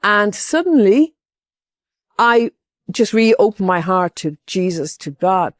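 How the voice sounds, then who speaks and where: An older woman from Ireland tells her story as a testimony, rambling through it in a heartfelt way, full of asides. Her pitch sits in the middle for a woman, and the sound is close and dry, with no room around it. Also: very animated, slow, no room sound. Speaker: pilgrim giving testimony.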